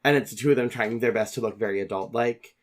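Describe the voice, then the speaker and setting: A man's voice: on the low side, quick pace. A man narrating his character's actions in an actual-play tabletop game, casual and descriptive with frequent fillers. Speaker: player.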